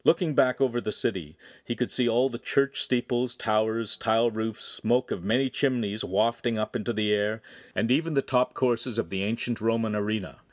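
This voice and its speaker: A man reading a young adult novel aloud in calm, scripted narration. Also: lowish voice, moderate pace, no room sound, studio quality. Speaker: audiobook reader.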